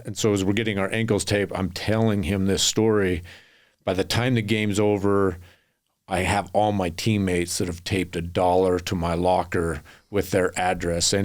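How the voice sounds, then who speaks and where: A middle-aged man with a low, deep voice, a guest on a podcast. He tells long, rambling stories and slips into the voices of the people in them. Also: steady tone, brisk. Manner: rambling anecdotal storyteller, acts out quotes. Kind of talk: storytelling in a podcast interview.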